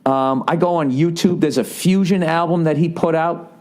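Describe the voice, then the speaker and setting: A man's voice: a little high, normal speed, a little mellow. Boston guy in his late 40s, swearing a lot and talking over himself, just chatting. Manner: rambling, profane, self-interrupting. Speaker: podcast host. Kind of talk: casual storytelling monologue.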